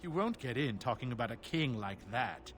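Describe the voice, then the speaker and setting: A haughty king's messenger delivers curt, dismissive demands, as a man acts him out. His voice sits at a plain middle pitch. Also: expressive, normal speed, slight background noise, close to an everyday voice. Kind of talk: video game voice acting.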